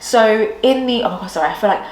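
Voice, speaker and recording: Young woman, podcast co-host, excitable storyteller, mid pitch, roomy echo. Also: quick pace, crowd noise. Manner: excitable, acts out quoted people, many likes. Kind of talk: casual chat.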